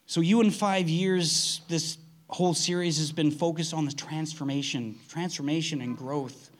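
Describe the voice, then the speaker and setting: A man's voice: on the high side, fairly even intonation, moderate pace. A man preaching a conversational sermon, earnest, often restarting his sentences. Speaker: pastor.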